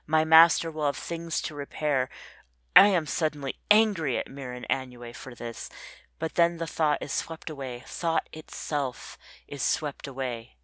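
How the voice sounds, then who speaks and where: A narrator reading a first-person story in an introspective, measured way. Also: medium pitch, pushed and bright, no echo.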